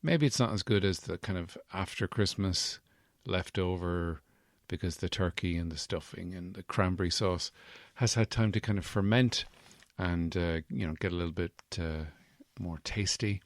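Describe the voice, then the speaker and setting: Brief: male comedy podcast host, deadpan and hesitant, low voice, dry close sound. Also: normal speed, no room sound. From Irish Midlands. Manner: deadpan, hesitant, full of fillers.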